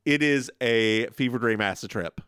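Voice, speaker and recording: A man's voice: medium pitch, moderate pace, fairly bright tone, smooth, dry recording. A man co-hosting a podcast, recapping a TV episode in a playful, rambling chat into a close mic. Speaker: podcast host.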